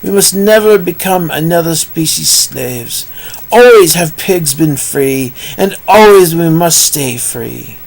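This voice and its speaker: A man's voice: fairly high pitch, animated, slow pace, gravelly, exaggerated voice, poor audio. A man voicing an old male pig giving a stirring speech in a raised voice. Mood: rousing. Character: old male pig elder, rousing speaker.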